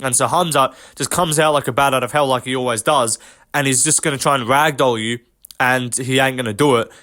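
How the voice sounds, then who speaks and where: A man's voice: medium pitch, fairly even intonation, a little fast, sharp tone. A young man giving a casual, sweary MMA reaction with lots of fillers. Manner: loose, sweary banter with frequent fillers. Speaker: MMA commentator.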